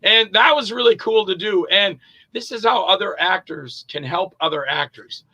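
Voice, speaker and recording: With a voice that sits high and a moderate pace, a man who acts and directs rambles through anecdotes during an interview. He's a lively storyteller who performs other people's lines, keeping things loose and profane, over a rough recording.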